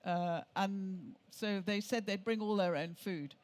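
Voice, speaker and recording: A woman's voice: mid-range voice, unhurried, darkish tone. An older woman from England, an author and tour leader, telling chatty travel anecdotes on stage with frequent restarts.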